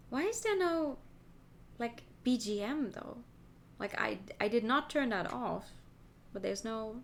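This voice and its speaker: A woman's voice: fairly high pitch, animated, takes it slowly, pauses often, slight background noise. A woman casually commenting on a game and reading it aloud, with giggly asides and casual swearing. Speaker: streamer. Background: game background music.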